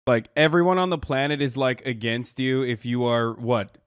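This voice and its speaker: A man's voice: mid-range voice, fairly even intonation, normal speed, clean tone, no echo, studio quality. Man with a blunt, slangy voice. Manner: blunt, slangy, mocking, bursts into loud laughter. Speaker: streamer reacting to a video. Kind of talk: casual reaction commentary.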